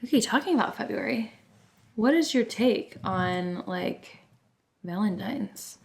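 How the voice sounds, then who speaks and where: A woman co-hosting a podcast in casual chat, a mother who jokes quickly with frequent swearing. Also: mid-range voice, animated, gravelly.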